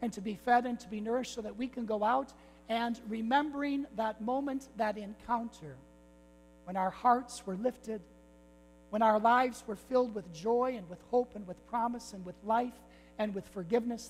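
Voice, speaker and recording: A man, a priest, preaching a sermon with repeated rhetorical phrases and calls to "my friends". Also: very high-pitched. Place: church. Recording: long church reverb with faint mains hum.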